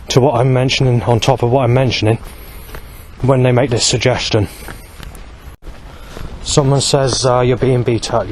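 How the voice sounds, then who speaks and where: A man's voice: mid-range voice, rough recording. Agitated man in his forties rambling outdoors. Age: 40s. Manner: agitated, aggrieved, repeats and restarts himself. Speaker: vlogger. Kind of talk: rambling outdoor monologue to camera. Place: outdoors by a road under a bridge. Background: passing traffic.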